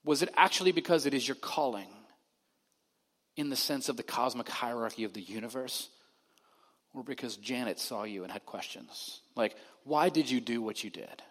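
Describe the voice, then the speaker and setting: A man preaching a sermon in a conversational way, his voice rising to loud emphasis and then dropping to a hushed quiet. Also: mid-range voice, lively intonation, moderate pace. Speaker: pastor. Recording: long hall reverb.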